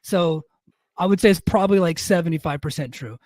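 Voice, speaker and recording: A man's voice: on the high side, brisk, noisy background. A middle-aged man telling a rambling, profane story in a casual podcast chat, mocking himself as he goes. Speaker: podcast co-host.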